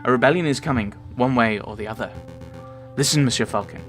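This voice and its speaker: A man's voice: mid-range voice, fast, a bit bright, faint music behind, close to an everyday voice. A man voicing a sly male fox private investigator in a visual novel, speaking in a theatrical, mock-formal way.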